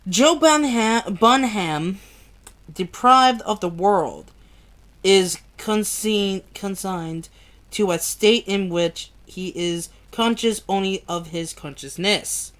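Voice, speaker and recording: A woman reads a book aloud at a slow, deliberate pace, sounding out long words and often stumbling. She restarts words mid-way and breaks off to curse at her own mistakes. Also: mid-range voice, fairly bright tone. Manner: stumbles over hard words, swears and laughs at herself. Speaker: amateur reader. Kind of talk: reading a book aloud, livestream.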